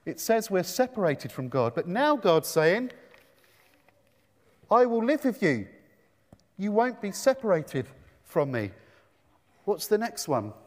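Brief: enthusiastic male children's talk leader, bright high voice, big reverberant church hall. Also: sing-song, slow pace, long pauses. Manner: enthusiastic, asks the children many questions.

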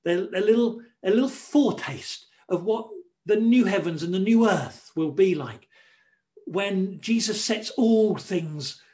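A man preaching a sermon, expressive and varied, acting out quoted voices and shushing as he tells the story. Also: fairly high pitch.

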